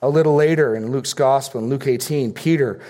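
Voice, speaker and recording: A man's voice: medium pitch, brisk, mellow. A middle-aged man preaching a sermon as pastor, teaching earnestly through outline points and Bible verses.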